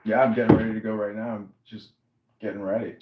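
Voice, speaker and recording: A man hosting a social audio chat room who leads the group in loud, repeated chants. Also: on the low side, little pitch movement, fast talker, roomy sound, heavy background noise. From Chicago area.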